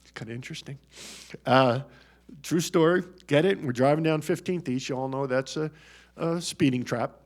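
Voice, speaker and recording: A man's voice: on the high side, moderate pace. An older man giving a retirement speech at a press conference, folksy and joking, and choked up at times. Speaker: retiring athletics director.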